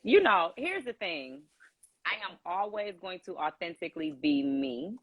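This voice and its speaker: A woman's voice: lowish voice, expressive, measured pace, dry recording, narrow, tinny audio. Blunt woman chatting on a livestream. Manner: blunt, candid storyteller. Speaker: host of a livestream. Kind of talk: casual livestream chat. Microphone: phone on a video call.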